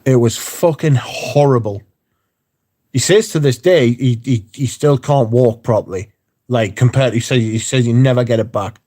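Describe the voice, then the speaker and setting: Talking loosely with his viewers, this livestream host tells meandering stories full of curse words and verbal filler. He has a medium-pitched, dark-toned voice and speaks at a normal speed.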